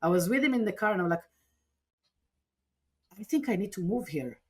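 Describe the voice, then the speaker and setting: A woman recounting a personal story as a podcast interview guest, earnest and animated, often restarting her sentences. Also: medium pitch, normal speed, breathy edge.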